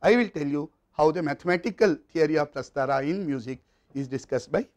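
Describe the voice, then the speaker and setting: Man, Indian English accent, high voice, lecturer, measured, step-by-step explaining, phrases trailing off. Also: lively intonation. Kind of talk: recorded lecture.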